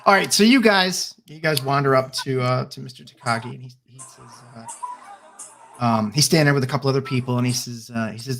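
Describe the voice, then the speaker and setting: Guy running a tabletop game, middle pitch, lots of ums and restarts as he narrates. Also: creaky, fairly bright tone, soft background music. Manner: halting, many fillers and restarts. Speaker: game master.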